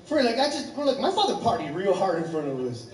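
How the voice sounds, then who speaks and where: A man in his thirties tells stand-up stories in a rambling, animated, profane way. His voice sits high for a man. He is picked up from a distance in an echoey comedy club. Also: fast, crowd noise. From Chicago. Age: 30s. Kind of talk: stand-up storytelling.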